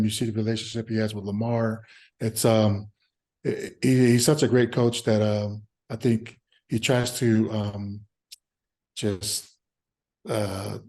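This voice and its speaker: Low, mellow-voiced man in an interview. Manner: halting, many filler sounds and restarts; easygoing, acts out remembered exchanges. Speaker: former pro football player, interview guest. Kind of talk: interview answers, reminiscing.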